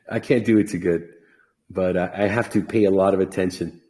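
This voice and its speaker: Low-voiced man hosting a podcast. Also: mellow. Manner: upbeat, joking and encouraging. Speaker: podcast host. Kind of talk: casual chat.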